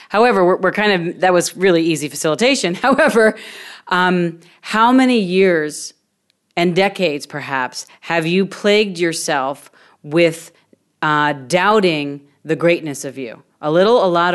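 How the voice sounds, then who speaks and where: Low-pitched female host, energetic facilitator who cuts in to steer the guest. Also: unhurried. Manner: energetic, prompts and interrupts to guide the guest. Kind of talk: coaching session on a talk show.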